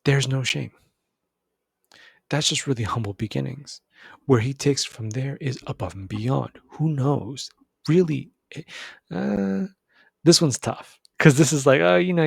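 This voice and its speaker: A young man talks through casual self-improvement advice in a gravelly, slightly husky voice. He rambles and corrects himself as he goes, tossing in "bro" like he's chatting with a friend. The sound is dry and close, with no room around it. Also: on the high side, a little mellow, no room sound. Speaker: self-improvement video host. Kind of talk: casual motivational talk.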